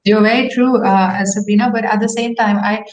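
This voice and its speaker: A woman's voice: medium pitch, fairly even intonation, moderate pace, a little mellow. A woman moderating a panel, praising answers and asking guests questions. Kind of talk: live panel discussion. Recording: roomy echo.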